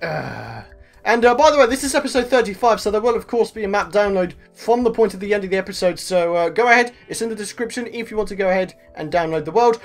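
A man with a British accent giving excitable let's-play commentary as a gaming video host, talking to himself, repeating phrases over and over and swearing mildly. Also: high voice, quick pace, vocal fry, faint music behind. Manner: mild swearing, talks to himself.

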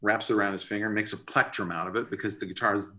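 A middle-aged man, a record producer, telling an animated story in a casual interview. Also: on the low side, fast talker. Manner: animated, expressive, pushes to sudden bursts. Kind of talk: storytelling anecdote in casual conversation.

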